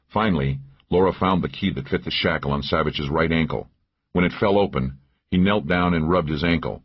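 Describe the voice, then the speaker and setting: A man narrating a first-person thriller audiobook in a measured, even way. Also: a bass voice, husky. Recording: dull lo-fi audio.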